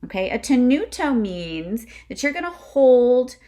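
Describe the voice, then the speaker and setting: Woman music teacher talking to camera; lively, chatty, keeps checking in with students. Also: mid-range voice, moderate pace. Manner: chatty, checks in with frequent "okay?"; demonstrates breath kicks with short huffs. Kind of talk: instrumental lesson video.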